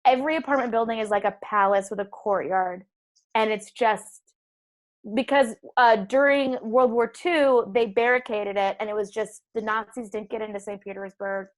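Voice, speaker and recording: Woman, podcast guest, chatty, enthusiastic, fairly high-pitched. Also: steady tone, normal speed. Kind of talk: casual podcast chat.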